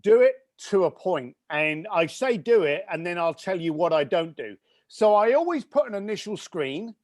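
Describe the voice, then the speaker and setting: Enthusiastic British man, lively high voice. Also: moderate pace, no room sound, studio quality. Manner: enthusiastic, emphatic, quirky. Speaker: guest. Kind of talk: conversational business advice.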